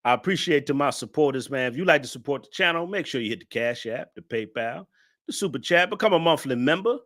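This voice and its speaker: A man's voice: mid-range voice, lively intonation, fast, a bit bright. A man hosting a live stream, laughing as he roasts a viewer in loose, slangy casual talk. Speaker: live-stream show host.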